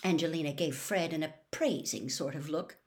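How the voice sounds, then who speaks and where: A woman narrating a children's fantasy novel aloud in an expressive reading style. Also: low-pitched, normal speed. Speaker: audiobook reader. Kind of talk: storybook narration.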